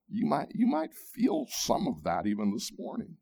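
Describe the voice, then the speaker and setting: A man preaching a sermon, emphatic, with dramatic pauses, at times dropping to a near-whisper. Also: on the high side, huge pitch swings, gravelly, mellow. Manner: repeats words when restarting. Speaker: pastor.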